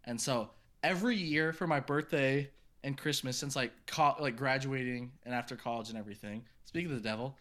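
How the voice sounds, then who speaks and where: Bright-voiced young man, casual chat. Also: mid-range voice, fairly quick, few pauses. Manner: loose, profane storytelling with lots of fillers.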